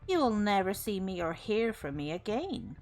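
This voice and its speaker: A woman voicing a short, sly Southern dandy with a drawling, overly courteous manner and a quiet menace. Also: mid-range voice, sing-song, normal speed, faint music behind. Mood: quiet threat. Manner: drawling, elaborately courteous, leans on words.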